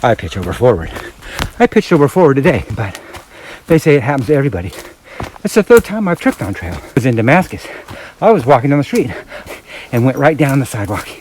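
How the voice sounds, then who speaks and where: A man's voice: mid-range voice, big pitch swings, fast talker, pauses often, a little mellow, slight background noise. A man hiking a mountain trail, talking casually and a little out of breath as he films himself walking. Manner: rambling, chatty while hiking. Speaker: hiker vlogger. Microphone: handheld camera while walking.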